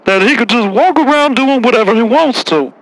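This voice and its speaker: A man voicing a loud, easily offended caller in a radio comedy bit, brash and saying "man" often. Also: very high-pitched, animated, a little fast, exaggerated voice, low-quality recording. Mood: indignant. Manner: brash, indignant, says "man" a lot. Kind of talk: radio comedy prank call.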